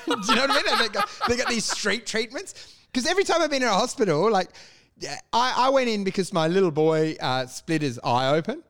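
A man chatting casually and crudely, joking and acting out quick voices. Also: high-pitched, very animated, a bit bright. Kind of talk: casual comedic chat.

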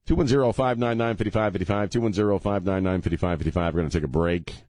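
A man's voice: deep voice, rapid-fire, darkish tone, dry recording, clean studio sound. A man in his fifties hosting a talk radio show, joking sarcastically and rambling, sounding tired. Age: 50s. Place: radio studio.

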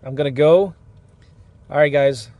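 A middle-aged man hosting a podcast, talking casually and earnestly from a parked car, with energetic restarts and rambling asides. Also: on the high side, measured pace, very noisy. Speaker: podcast host and coach. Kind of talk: casual motivational podcast monologue.

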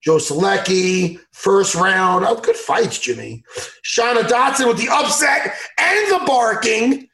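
A man hosting a podcast in casual chat, excitable and animated, laughing often and acting out what others said. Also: high-pitched, slow pace. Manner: animated, excitable, laughs a lot, acts out impressions loudly. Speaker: podcast host.

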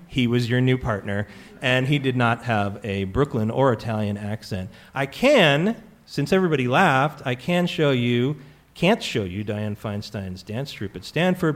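A man from California hosting a trivia show before a live audience, telling stories in a chatty, joking way with plenty of fillers. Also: mid-range voice. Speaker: quiz show host.

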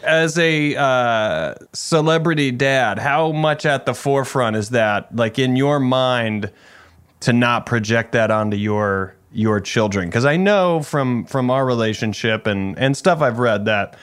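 A man's voice: medium pitch, unhurried, fairly bright tone, smooth. A man hosting a podcast, chatting casually with his guest and joking along. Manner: jokey, laughs easily. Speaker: podcast host. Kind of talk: casual interview chat.

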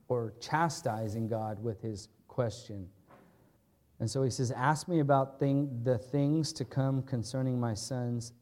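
A man's voice: medium pitch, warm tone. A man preaching an expository sermon in a conversational, earnest way, often checking in with his listeners and restating his points. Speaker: pastor.

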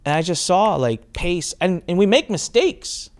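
A man in his forties hosting a podcast, telling stories with lively acted-out quotes. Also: high voice, unhurried. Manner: animated storyteller, acts out quoted voices. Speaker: podcast host. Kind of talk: casual interview intro.

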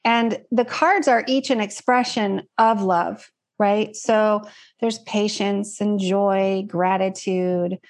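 Guest, woman; warm-hearted earnest talker, wandering phrasing. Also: mid-range voice, fairly even intonation, slow pace. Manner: earnest, reflective, rambling with fillers. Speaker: guest, card deck creator. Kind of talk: casual interview chat.

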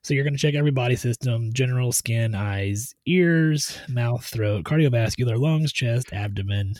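A man's voice: medium pitch, moderate pace, no echo. Methodical man explaining medical exams. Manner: steady, methodical, tries to stay on task. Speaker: medical provider doing truck-driver physicals. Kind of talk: explanatory podcast chat.

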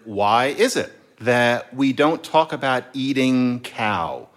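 A man, a linguist guest, explaining word histories in a playful, lively way during a casual chat. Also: mid-range voice, takes it slowly.

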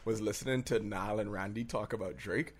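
A man's voice: lowish voice, fairly quick. A young man co-hosting a podcast, making opinionated points in casual talk and laughing easily. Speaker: podcast co-host.

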